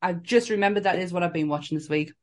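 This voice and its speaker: A woman with a Northern English accent co-hosting a podcast, animated, laughing often and swearing casually. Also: fairly low pitch, quick pace. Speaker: podcast co-host. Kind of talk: casual chat.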